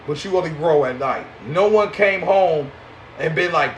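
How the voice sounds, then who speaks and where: A man with a fairly high voice preaches in to a live audience. He talks in slang, swinging between loud outbursts and low mocking asides. A faint hum of ambience sits behind him. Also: measured pace. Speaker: spiritual teacher.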